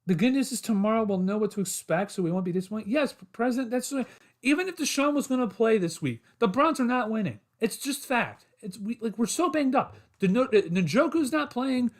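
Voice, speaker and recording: Sports podcast host, man, very high voice, frustrated solo rant to chat. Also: lively intonation, fairly quick. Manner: frustrated, repetitive, addresses chat as guys.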